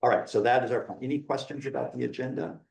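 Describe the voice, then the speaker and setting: Male meeting chair, easygoing and a little jokey, middle pitch, echo of a meeting room. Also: fairly even intonation, fast talker, vocal fry, a little mellow. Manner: informal, joking, loose and friendly. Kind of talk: chairing a hybrid public meeting.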